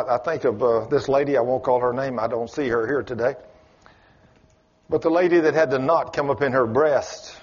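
A man preaches a sermon, slipping into folksy storytelling and acting out both sides of the conversations he recounts. His voice sits a little high for a man. The recording is dull and lo-fi, as if taped in a church. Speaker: pastor.

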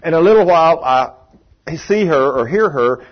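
An older pastor tells a story during his sermon in a folksy, chatty manner, chuckling often as he addresses the congregation. His voice is slightly high, expressive and unhurried, captured on a muffled, lo-fi recording.

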